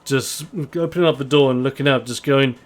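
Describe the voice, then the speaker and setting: A man's voice: mid-range voice, brisk. A man narrating a tabletop game as game master in a rambling way. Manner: rambling, with fillers.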